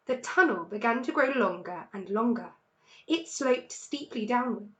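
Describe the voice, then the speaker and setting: A woman with an English accent, a teacher reading a children's storybook aloud in an expressive, lively way. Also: fairly high pitch, unhurried, highs cut off.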